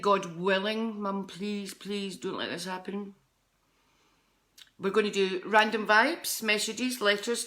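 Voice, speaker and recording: A woman's voice: mid-range voice, sharp tone. A middle-aged Scottish woman, a psychic medium, chatting with viewers on a live stream in a rambling, chatty way. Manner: chatty, rambling, jumps between topics.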